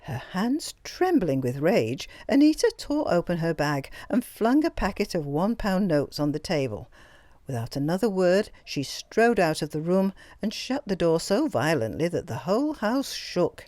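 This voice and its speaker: A woman narrating a novel aloud as an audiobook, in an expressive storytelling manner. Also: fairly low pitch, moderate pace, no room sound. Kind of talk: scripted narration.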